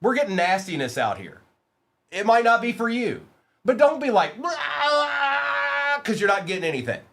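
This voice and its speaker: A man streaming a live trading card break, rattling off player names and bantering excitedly with viewers in chat. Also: high voice, a little fast, breathy edge.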